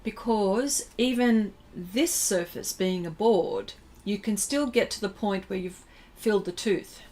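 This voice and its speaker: A woman teaching a livestream painting demonstration, chatting with viewers as she works and pausing often to find her words. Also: mid-range voice, a little mellow. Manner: chatty, reads and answers viewer comments while working; halting, many fillers and restarts. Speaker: art instructor.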